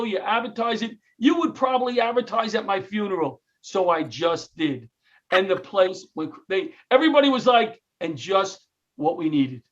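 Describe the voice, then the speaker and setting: A man's voice: high-pitched, lo-fi sound. A middle-aged man from New York, a comedian and retired firefighter, telling stories in an interview and acting out the lines of the people in them. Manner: animated, jokey storyteller who acts out quotes. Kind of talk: storytelling interview.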